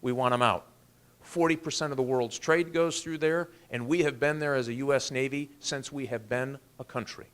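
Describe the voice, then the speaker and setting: A man's voice: mid-range voice, steady tone, normal speed. Earnest man giving a speech. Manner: earnest storytelling with emphatic rises. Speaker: congressman. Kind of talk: political speech.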